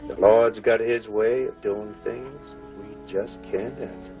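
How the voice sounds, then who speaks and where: An older actor playing a weathered, tender-hearted prospector in an old western, with folksy frontier talk. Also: male voice, lowish voice, steady tone, slow. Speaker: gold prospector. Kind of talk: 1950s film acting. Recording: dull old film soundtrack with music.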